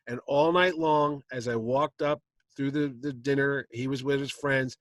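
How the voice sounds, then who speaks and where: A man's voice: medium pitch, normal speed, no echo. A man hosting a convention panel, telling a story with plenty of acted-out quotes. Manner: lively anecdote, acting out quotes. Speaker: comic con panel host telling a story. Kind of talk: animated storytelling. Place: convention stage.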